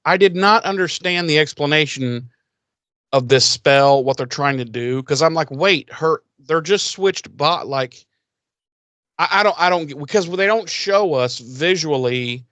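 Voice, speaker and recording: Chatty podcast guy joking around about a show, bit higher voice, dry sound. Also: dry recording. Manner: animated, jokey, quick asides. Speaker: podcast co-host. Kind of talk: casual recap chat.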